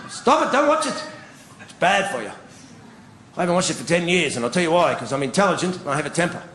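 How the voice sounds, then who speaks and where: A man's voice: a little high, fast, fairly bright tone. A man doing a profane, ranting stand-up comedy routine on stage before a live audience. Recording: echoey live venue with noise.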